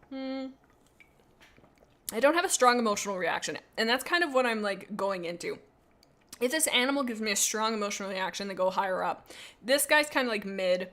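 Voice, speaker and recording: A woman's voice: on the high side, fairly bright tone. Goofy, rambling woman streamer. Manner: rambling and self-interrupting, with many restarts and asides; playful, goofy. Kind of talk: casual live-stream chat, reading viewer comments.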